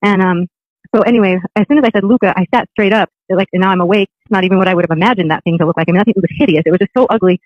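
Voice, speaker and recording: Rambling storyteller: man, quick delivery, dry and close. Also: high-pitched, no room sound, dull audio. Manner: rambling, with many restarts. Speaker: guest recounting a personal experience. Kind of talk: casual storytelling.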